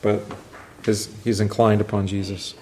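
A man teaching an informal Bible class in a classroom, rambling a little and putting questions to his students, and growing animated when he quotes scripture. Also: fairly low pitch, unhurried, reverberant, slight background noise.

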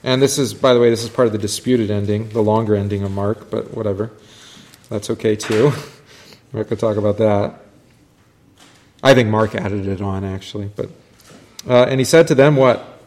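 A man with a lowish voice teaches a loose, informal Bible class in a reverberant classroom, pausing often at a moderate pace. He rambles slightly, questions his students, and livens up when quoting scripture.

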